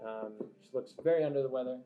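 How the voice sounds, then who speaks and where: A man's voice: medium pitch, quick pace. A man narrating a tabletop game as game master, casual with many fillers, in an echoey lo-fi recording. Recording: echoey lo-fi room with faint music.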